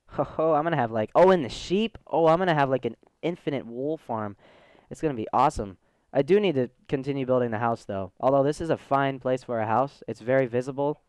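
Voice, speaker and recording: Male gaming host, chatty let's play commentary, smooth clear voice, dry close sound. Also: mid-range voice, a little fast, darkish tone, no room sound. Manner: rambling and chatty, thinking aloud. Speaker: gaming YouTuber.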